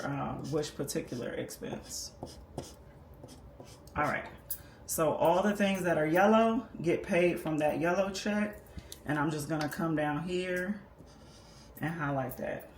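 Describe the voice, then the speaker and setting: A woman walking viewers patiently and methodically through a budgeting tutorial, explaining as she works on paper. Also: deep voice. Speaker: personal finance creator. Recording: echoey room with faint background noise.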